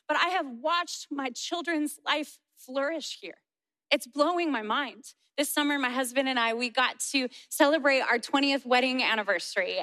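A woman in her forties preaching a sermon and telling a family story in an animated way, laughing often. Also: high-pitched. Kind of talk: sermon testimony.

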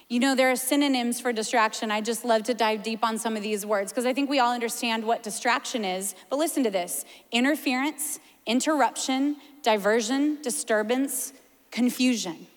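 A woman preaching a sermon, animated and playful, sometimes close to tears. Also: sits high, normal speed, long reverb tail. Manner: animated, playful, tearful at times.

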